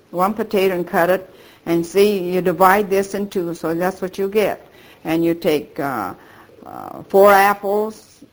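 Older soft-spoken woman telling memories. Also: lowish voice, low-quality recording. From United States. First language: Japanese. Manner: rambling storytelling, acting out remembered dialogue. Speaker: interviewee. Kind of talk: oral history recollection.

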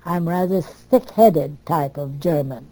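Older woman telling family stories, mellow. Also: low-pitched, slow, no echo, low-quality recording. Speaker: storyteller. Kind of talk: oral history reminiscence.

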